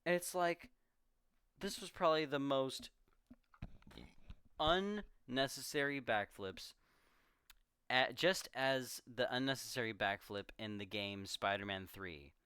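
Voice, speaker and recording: A man co-hosting a podcast, recapping a movie in casual chat with animated storytelling. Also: medium pitch, slow pace, long pauses, clean tone, dry recording, clean studio sound. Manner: animated storytelling, jumps into quoting characters. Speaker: podcast co-host.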